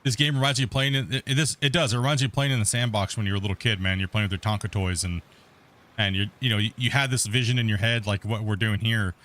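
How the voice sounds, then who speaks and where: A man's voice: lowish voice, fairly even intonation, fast, a bit bright. Middle-aged guy streaming a game, casual rambly chat, keeps restarting his sentences. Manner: rambling, laid-back, frequent restarts. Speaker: let's play host. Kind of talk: casual gameplay commentary.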